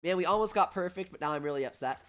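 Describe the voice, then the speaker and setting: A man hosting a livestream, giving excitable, chatty commentary on a mobile game while reading out viewer questions. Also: high-pitched, rapid-fire, clear, resonant tone. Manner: excitable, animated and chatty, often breaking into laughter. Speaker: streamer and host. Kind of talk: live gameplay commentary reading chat.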